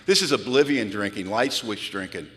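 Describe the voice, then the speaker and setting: A man's voice: fairly low pitch, expressive, normal speed, pushed and bright. A man giving a candid, self-mocking talk about his past to a live audience, telling it dramatically. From United States. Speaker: recovery speaker. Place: large hall. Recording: hall reverb from a live talk.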